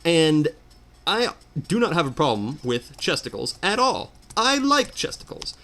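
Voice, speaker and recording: A man's voice: a little high, big pitch swings, unhurried, pushed and bright. A man ranting in exasperated commentary while playing a video game. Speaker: let's player. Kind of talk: ranting commentary over gameplay.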